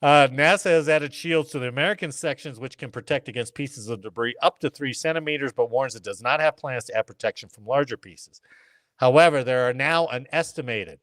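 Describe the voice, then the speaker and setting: A man hosting a casual podcast, reading news articles aloud and riffing on them with jokes and quick put-on voices. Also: mid-range voice, fairly bright tone, no echo. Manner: jokey, reads articles then riffs with funny voices.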